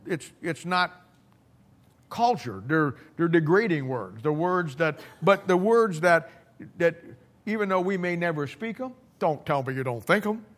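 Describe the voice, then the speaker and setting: A middle-aged man preaching in a loose, conversational way, blunt and folksy. He stumbles and repeats words as he builds his stories. His voice sits a little high for a man. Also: lively intonation, unhurried. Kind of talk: conversational sermon storytelling.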